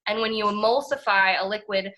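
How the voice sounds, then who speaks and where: A woman's voice: mid-range voice, fairly even intonation, a little fast, sharp tone. A young woman chatting enthusiastically as a podcast co-host, full of fillers and the odd swear word. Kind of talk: casual chat.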